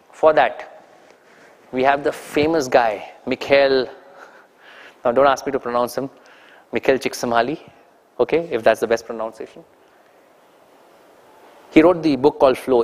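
A man with an Indian English accent giving an animated, teasing training talk to an audience, throwing questions at them. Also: mid-range voice, normal speed, pauses often, big-room sound. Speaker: corporate trainer.

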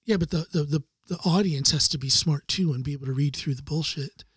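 A man's voice: fairly high pitch, fairly quick, fairly bright tone, slightly rough, no room sound, studio quality. A man hosting a podcast in casual conversation, rambling and thoughtful with restarts. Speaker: podcast host.

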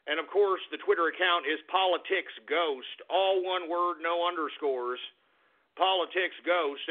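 A man hosting a talk radio show, ranting profanely with shouting outbursts and grumbling asides. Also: sits high, vocal fry. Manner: profane, shouting angry rants that drop to grumbling. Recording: tinny phone-like radio audio.

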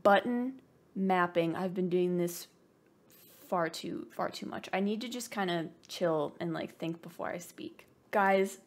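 A woman's voice: on the low side, steady tone, normal speed, darkish tone. Giddy, rambling young woman unboxing. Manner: bubbly, gushing, rambling with self-mocking asides. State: over-caffeinated and giddy. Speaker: gaming vlogger. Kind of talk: excited unboxing vlog.

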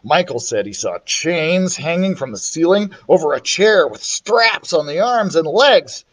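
A man reading a children's chapter book aloud, expressive and playful, switching voices for the characters. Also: a little slow. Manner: expressive, voices the characters with big pitch swings. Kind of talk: storybook read-aloud.

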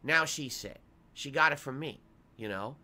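A man's voice: medium pitch, moderate pace, bright, forceful tone. A man with a congested nose giving viewers a rambling, complaining update on his illness. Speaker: streamer. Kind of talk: sick-day update to viewers.

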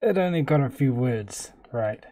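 A man talking casually while demonstrating software on his computer, thinking aloud in a relaxed, chatty way. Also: medium pitch, normal speed. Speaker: tech vlogger. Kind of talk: casual screen-recorded tech demo.

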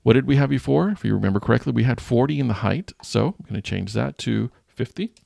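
A man's voice: medium pitch, expressive, fast, creaky, dark tone, no echo, clean studio sound. A man who teaches, talking through a screen-recorded design tutorial in a jokey, self-mocking way while he thinks aloud. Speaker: teacher and channel host.

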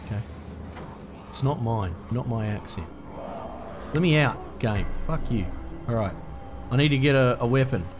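A man riffs through a game in crude, jokey banter full of swearing. His voice sits at a middle pitch, and game music runs under him. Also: lively intonation, moderate pace, long pauses. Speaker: gaming host. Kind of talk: let's play commentary.

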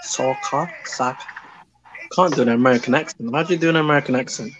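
A man's voice: medium pitch, rapid-fire, highs cut off, background noise. A British man hosting a live stream, chatting casually in a playful, teasing way.

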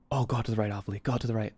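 A man's voice: medium pitch, very animated, fast, background noise. A man playing along online, chatting casually and reacting with gasps and laughs. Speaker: fellow player. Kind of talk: casual game chat.

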